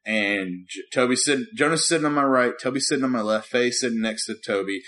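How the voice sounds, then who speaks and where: A man's voice: medium pitch, fast. A man in his thirties co-hosting a podcast, telling a parenting story in casual chat and acting out the people in it. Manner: animated, laughing storyteller who acts out quotes. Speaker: podcast co-host.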